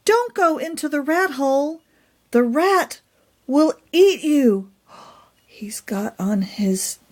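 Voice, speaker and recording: A woman's voice: lively intonation, slow. A woman voicing a small, timid but motherly hen in a children's storybook read-aloud, speaking in a raised, urgent and coaxing voice. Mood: alarmed. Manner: high, urgent warnings turning soft and coaxing.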